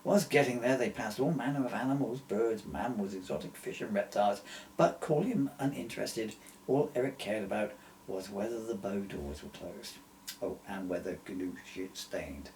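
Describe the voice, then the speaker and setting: A man's voice: on the low side, normal speed, darkish tone, slight background noise. A man reading aloud from his own comic book, chuckling at his jokes and asides.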